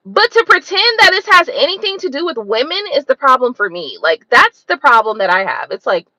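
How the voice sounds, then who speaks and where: Female host, unscripted rant, blunt and exasperated; very lively high voice. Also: brisk, no room sound, low-quality recording. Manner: blunt, profane, exasperated ranting with rhetorical questions. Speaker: tarot reader and channel host.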